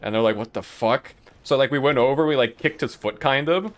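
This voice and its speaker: A man streams a game while rambling through stories from school, casual and laughing often, saying "like" constantly. His voice is medium-pitched and quick.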